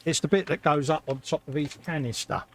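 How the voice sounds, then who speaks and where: A man's voice: a little high, fairly quick, a loud crowd. A middle-aged man co-hosting a live hobby stream, easygoing and agreeable, reading out viewer comments between brief replies. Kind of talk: casual chat while building models.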